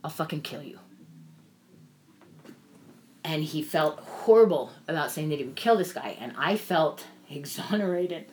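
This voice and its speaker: Woman, lower register, candid animated storyteller, light hiss in the background. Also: moderate pace, hardly any pauses. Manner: animated, acts out quoted voices, swears freely. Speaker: guest telling a personal story.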